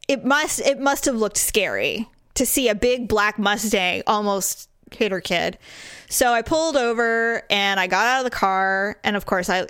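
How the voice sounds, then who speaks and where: A woman in her forties tells a story in casual conversation, animated and full of quick asides. Her voice is smooth and clear. The recording is dry and close, with no room sound. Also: medium pitch, dry recording.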